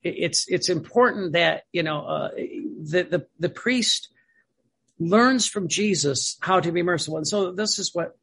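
A man's voice: sits high, measured pace, creaky, fairly bright tone, husky. A man in his seventies, a priest, telling stories in a rambling sermon with many restarts and chuckles.

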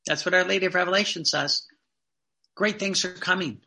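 High, bright-voiced man preaching. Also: brisk, creaky. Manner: emphatic, with rhetorical questions and repeated phrases. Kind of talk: devotional teaching talk.

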